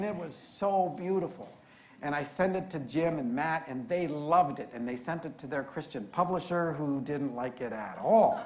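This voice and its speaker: A man preaching a sermon, telling a story in an animated, conversational way. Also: a little high, a little hiss or hum. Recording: roomy echo.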